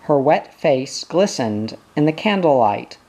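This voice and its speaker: A reader reading a children's novel aloud in a measured, gentle, unhurried way. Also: medium pitch, very animated. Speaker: audiobook reader.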